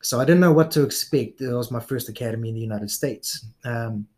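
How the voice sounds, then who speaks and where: Man, New Zealand accent, middle-aged, relaxed interview guest, laughs easily. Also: medium pitch, a little fast. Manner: relaxed storyteller, frequent fillers and laughs. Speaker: guest police officer. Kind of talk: casual interview chat.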